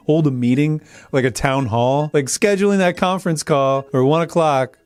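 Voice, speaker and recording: A man's voice: fairly high pitch, normal speed, hardly any pauses, a little mellow, no echo. A man in his forties hosting a comedic commentary show, reading viewer comments aloud and mocking them sarcastically. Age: 40s. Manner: sarcastic, mock-voices commenters. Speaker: host.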